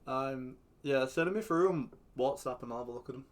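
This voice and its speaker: A man in casual gaming commentary, cursing freely as he talks through his football management game. His voice jumps into loud outbursts at the match events. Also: mid-range voice, a little fast. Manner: sweary, excitable, shouts at the game.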